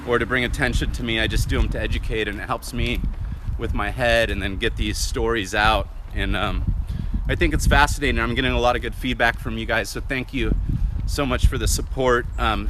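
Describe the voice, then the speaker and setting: Breathless man talking while walking outdoors. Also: medium pitch. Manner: rambling, full of fillers and asides. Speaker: host of a live video channel. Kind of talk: casual live-stream talk while walking. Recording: outdoor traffic noise. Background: street and vehicle noise.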